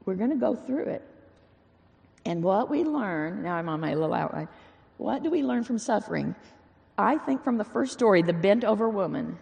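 A woman's voice: medium pitch, expressive, normal speed, vocal fry, a little mellow, big-room sound. A woman giving an informal, earnest sermon in a folksy way, repeating phrases for emphasis. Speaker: church speaker.

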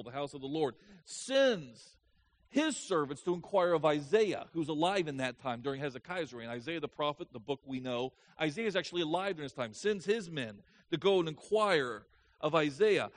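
Guy preaching thru a bible passage, high voice, repeats stuff for emphasis. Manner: explains verse by verse with lively emphasis and repeats. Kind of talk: expository sermon.

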